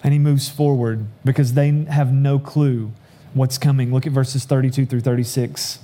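Male preacher, mellow, mid-pitched voice; earnest sermon delivery that slows on key lines. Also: flat delivery. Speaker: pastor.

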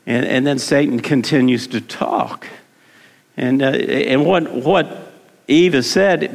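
A man's voice: medium pitch, slow, vocal fry. A middle-aged man preaching a sermon in a conversational way, repeating words and asking his congregation questions. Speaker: pastor. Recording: long hall reverb.

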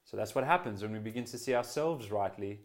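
A man's voice: fairly low pitch, fast talker. Earnest male pastor preaching. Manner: earnest, conversational preaching with restarts; voice swells then drops to quiet emphasis. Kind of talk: sermon.

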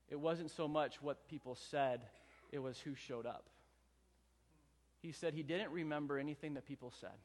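A man's voice: a little high, big-room sound. A pastor in his thirties preaching a sermon, telling stories earnestly and building emphasis through repeated phrases. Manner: earnest storytelling, rising emphatic repetition.

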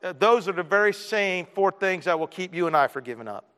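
High-voiced preacher in a reverberant hall. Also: male voice, lively intonation, fairly quick, fairly bright tone, clean tone. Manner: earnest, conversational preaching with repeated rhetorical questions. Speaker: pastor. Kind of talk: sermon.

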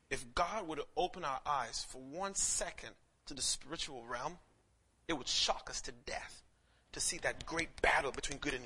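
A young man preaching a sermon in a lively storytelling way, with casual slang and many quick restarts. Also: a little high, husky. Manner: animated storytelling, slips into quoted voices, frequent restarts.

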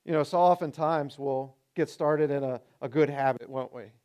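A man delivers a sermon from the pulpit. His voice sits notably high for a man, and he is animated, acting out the excuses of his listeners in shifting tones to drive home his points. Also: normal speed, clean tone. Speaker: pastor.

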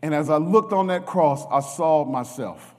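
A man preaching a sermon, emotional, moving from hushed tones to shouts. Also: on the high side, unhurried. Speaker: guest preacher. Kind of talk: sermon with testimony. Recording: reverberant church hall.

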